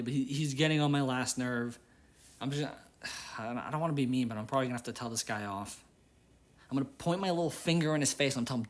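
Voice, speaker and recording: A young man hosting a game channel, rambling and exasperated as he vents about work while playing. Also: mid-range voice. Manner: rambling, exasperated, repeats himself. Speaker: gaming channel host. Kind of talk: casual gameplay commentary with venting.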